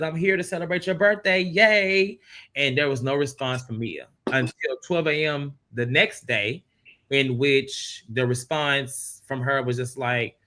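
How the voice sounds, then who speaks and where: Bright-voiced man recapping gossip. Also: mid-range voice. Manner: animated, incredulous storytelling. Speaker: reality TV recap host.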